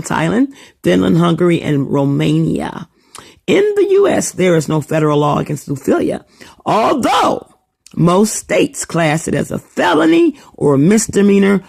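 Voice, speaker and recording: An older woman ranting on a vlog in an animated, mocking way. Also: vocal fry, slightly rough. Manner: animated and mocking, with wide pitch swings. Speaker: vlogger.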